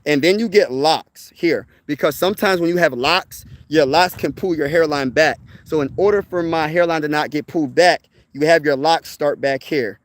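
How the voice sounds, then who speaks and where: A man's voice: a little high, normal speed, hardly any pauses. Fired-up young man ranting casually. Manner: emphatic, rambling, peppered with "bro" and "man". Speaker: sports channel host. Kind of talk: casual sports chat to viewers.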